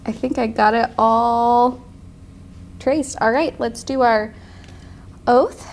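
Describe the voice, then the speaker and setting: A woman in her thirties teaching a painting class, chatty and quick to laugh. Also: a little high, fairly even intonation, darkish tone. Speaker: painting instructor. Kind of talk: casual tutorial.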